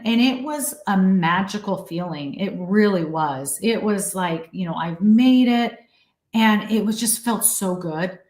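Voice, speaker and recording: A woman actress as an interview guest, chatting casually and telling lively stories. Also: medium pitch. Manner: animated storyteller, acts out quotes. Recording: roomy echo.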